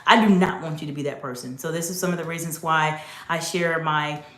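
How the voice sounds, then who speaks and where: A woman's voice: low voice, fairly even intonation, a little fast, fairly bright tone. A woman executive coach giving an instructive talk, speaking directly and emphatically to the viewer. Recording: roomy echo.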